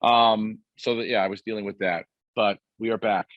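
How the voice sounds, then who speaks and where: A man's voice: lowish voice, steady tone, moderate pace, no room sound, phone-quality sound. A man in his forties hosting a podcast, telling rambling, profanity-laced stories in a casual chat. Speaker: podcast host.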